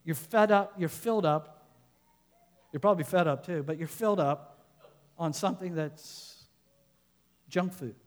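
Male pastor, high-pitched, sermon delivery that swings between forceful and hushed, long reverberant hall. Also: unhurried, long pauses. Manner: preaching with rising emphasis, dropping to quiet asides.

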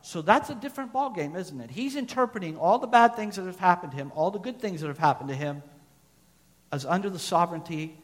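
A man with a voice on the higher side delivers a sermon, turning often to his listeners with questions and reading scripture aloud. His words ring out with a long reverb, as in a large hall. He moves between louder, emphatic stretches and quieter ones. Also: lively intonation, fast talker. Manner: asks the listeners questions, reads scripture aloud, loudness rises and falls. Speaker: preacher.

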